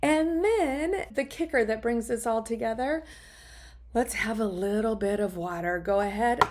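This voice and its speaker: A woman's voice: fairly high pitch, moderate pace, darkish tone. A middle-aged woman hosting a podcast, leading listeners through a short wellness exercise in an upbeat, encouraging way, often checking in with "right?". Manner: upbeat, encouraging, narrates her own actions; frequent "right?" tag questions. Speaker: podcast host. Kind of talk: guided wellness talk.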